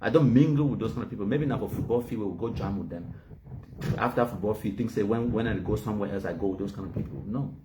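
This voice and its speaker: With a fairly low voice and a quick delivery, a Cameroonian man hosts some casual banter in a Cameroonian Pidgin English accent. He's boastful and mocking and laughs at his own humor, while background noise fills the clip.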